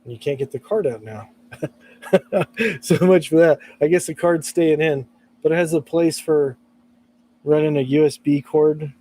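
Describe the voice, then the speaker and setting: Hoarse chatty man, light voice. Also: a little high, a little slow, long pauses, warm tone. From California. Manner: chatty, laughs often, rambling. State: hoarse from allergies. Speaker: live streamer. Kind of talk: casual live-stream chat.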